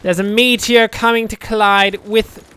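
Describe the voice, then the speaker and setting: High, smooth-voiced young man rambling. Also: level tone, unhurried, bright, forceful tone. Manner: rambling, joking, muttering asides to himself. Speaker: let's play host. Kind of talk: casual gameplay commentary.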